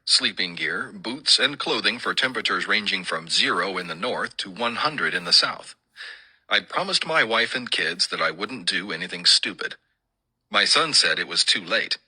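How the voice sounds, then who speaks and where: An older man reading his own wartime memoir aloud in a dry, wry storytelling manner, with a husky voice. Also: deep voice, bright, forceful tone, low-quality recording. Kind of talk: first-person memoir reading.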